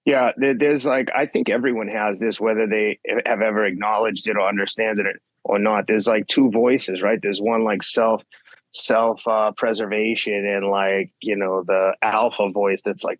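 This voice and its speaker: Speaking at a normal pace in a lowish register, this man is a podcast guest retelling race stories. He swears freely and stays blunt, intense, and animated throughout the casual interview, captured in a dry recording.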